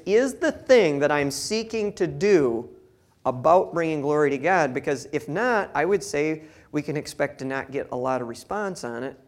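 Male pastor, sermon delivery: folksy, emphatic, reads scripture and talks straight to the congregation. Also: on the high side.

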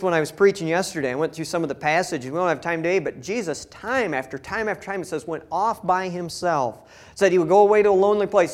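Male pastor, sermon delivery: folksy, emphatic, reads scripture and talks straight to the congregation. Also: on the high side.

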